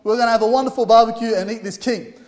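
A man's voice: very high-pitched, fairly even intonation, very fast, darkish tone. A man doing gleeful cannibals. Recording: long hall reverb.

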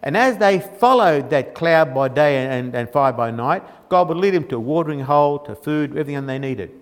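A man's voice: a little high, animated, a little fast, long reverb tail. A man preaching a sermon in a colloquial, emphatic way, mocking the grumbling of the people he quotes.

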